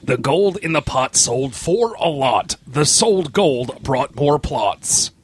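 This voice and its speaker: A man voicing a dramatic male movie trailer narrator with a slow, weighty delivery. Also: mid-range voice, lively intonation, a little hiss or hum.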